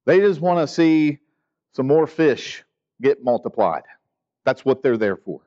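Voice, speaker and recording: A male pastor preaching a sermon in a lively, conversational way, sometimes acting out the people in the story. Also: on the high side, measured pace, pauses often. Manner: animated, acts out the grumbling disciples. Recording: dull lo-fi sound.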